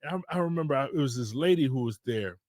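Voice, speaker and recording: A man's voice: medium pitch, expressive, quick pace, a little mellow, no room sound, clean studio sound. A man from Detroit, a podcast host, telling a casual rambling story with loose restarts.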